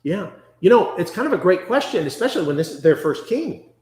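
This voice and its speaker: A man leading a conversational Bible study, chatty and animated, often acting out quotes. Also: high voice, a little fast. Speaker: Bible class teacher. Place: church classroom. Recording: echoey room.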